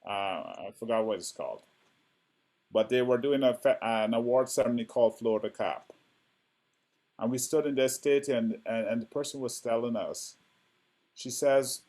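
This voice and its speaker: A man's voice: mid-range voice, moderate pace, darkish tone. A man who is an actor and director, chatting as a podcast guest, enthusiastic and often asking "right?". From Canada. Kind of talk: casual chat.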